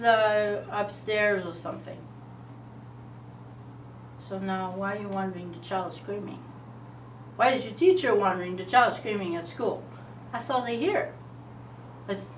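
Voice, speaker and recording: Animated woman teaching a parenting class. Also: mid-range voice. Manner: animated, asks the group rhetorical questions. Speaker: parenting instructor. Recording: roomy, distant mic, faint hum.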